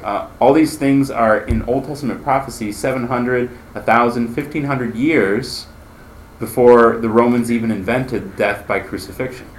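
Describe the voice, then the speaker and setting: A man's voice: medium pitch, steady tone, moderate pace, slight background noise. A man teaching a Bible class in a conversational way, asking his listeners questions as he explains.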